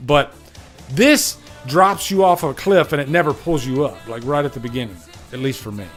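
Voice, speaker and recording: A man's voice: mid-range voice, moderate pace, a bit bright, faint music behind. A man hosting a casual live stream, chatting animatedly about movies he saw and answering viewers.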